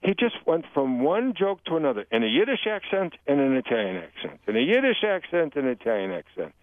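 An older man, a guest author, telling jokes and talking about humor in a radio interview, animated and given to slipping into voices. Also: a little high, fast talker. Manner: animated storyteller, jumps into joke voices. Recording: dry tinny radio phone-line sound.

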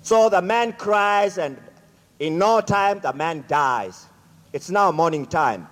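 Slow animated male storyteller in a hall. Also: high-pitched. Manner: slow, dramatic, addresses audience. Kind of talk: animated folk-tale storytelling. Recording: echoey hall.

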